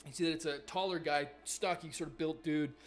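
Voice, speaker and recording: A man's voice: a little high, fairly even intonation, fairly quick, faint music behind. A man running a live tabletop game as game master, narrating casually with lots of fillers and swearing.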